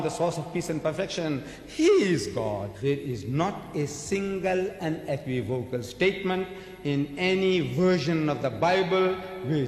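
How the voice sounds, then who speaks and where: A man's voice: fairly high pitch, a little mellow. A man giving an emphatic religious lecture to an audience, asking rhetorical questions and answering them himself. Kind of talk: sermon-style religious lecture. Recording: echoey hall recording.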